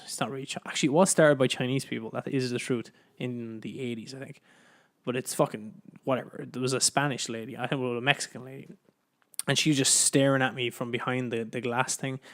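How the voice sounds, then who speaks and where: A man's voice: mid-range voice, steady tone, brisk. A young Irish man hosting a podcast, chatting casually in a loose, rambling, profane way with many restarts. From Ireland. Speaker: podcast host. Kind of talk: casual solo podcast chat.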